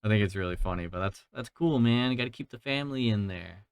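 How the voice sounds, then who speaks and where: A man's voice: fairly low pitch, quick pace, clear, resonant tone, dry recording. Young male podcast host from Georgia, casual profane movie talk, resonant tone, dry close mic. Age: 20s. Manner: rambling, profane, self-deprecating. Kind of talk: casual movie review monologue. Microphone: mounted podcast mic.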